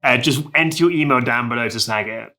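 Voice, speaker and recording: A man's voice: mid-range voice, brisk, pushed and bright. A man giving a casual, upbeat video lesson on Spanish, chatting to viewers with lots of fillers. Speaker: Spanish teacher.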